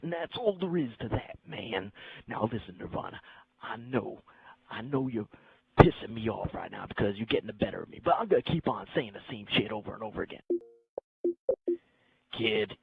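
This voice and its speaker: A man doing a dim, cocky gamer troll in a mocking parody voice. The voice is raspy and gravelly, and the talk is smug and repetitive. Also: medium pitch, low-quality recording.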